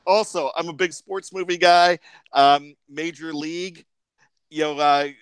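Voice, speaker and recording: A man's voice: on the high side, steady tone, measured pace, a bit bright, clear, resonant tone, no room sound. A married man co-hosting a podcast, laid-back with a dry, joking sense of humor. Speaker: podcast co-host. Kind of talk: casual sports movie chat.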